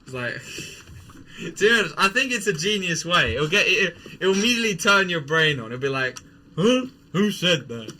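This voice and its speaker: A young man streaming a game, rambling, excitable and joking, with casual swearing. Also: high-pitched, moderate pace, a little hiss or hum. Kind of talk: casual chat while gaming.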